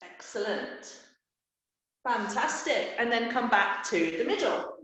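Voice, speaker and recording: Slow, playful yoga teacher. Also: female voice, on the high side, lively intonation, fairly bright tone. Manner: playful, encouraging step-by-step cues. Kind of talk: live guided yoga class for children. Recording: very echoey room.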